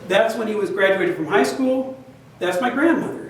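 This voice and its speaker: A man's voice: sits high, expressive, normal speed, a crowd in the background. Older man telling a story, echoey distant room. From United States. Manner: chatty, laughs at his own story. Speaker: guest speaker. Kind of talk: storytelling talk to an audience. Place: meeting room, recorded from across the room.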